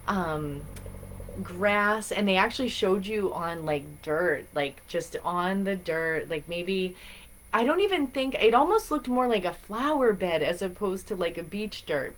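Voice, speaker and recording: A woman chatting in a bubbly, rambling way as she hosts a live stream of spiritual guidance. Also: fairly low pitch. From Massachusetts. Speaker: spiritual reader and stream host.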